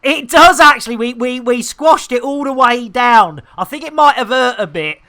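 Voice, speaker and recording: A middle-aged British man chatting casually and cheekily while live-streaming a space game, full of jokes and sudden excited exclamations. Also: extremely high pitch, normal speed. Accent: British English.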